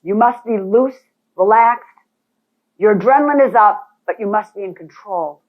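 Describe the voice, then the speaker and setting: A woman's voice: medium pitch, normal speed. Woman coaching a room of agents, emphatic, calls on people, sounds tinny like a phone. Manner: animated, emphatic, addresses audience directly. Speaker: real estate trainer. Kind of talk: boot camp presentation to a room.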